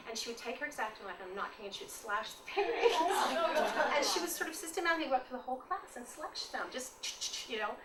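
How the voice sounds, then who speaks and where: A woman's voice: sits high, very animated, fast talker, hardly any pauses, a loud crowd. A woman in her fifties from New York, giving an informal artist's talk, chatty and rambling, telling stories with laughs and asides. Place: lecture room. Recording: distant, echoey, noisy room audio.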